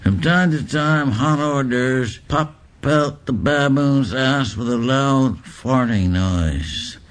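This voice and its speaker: A man reading literary prose aloud in a deliberate, deadpan recital. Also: mid-range voice. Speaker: reader.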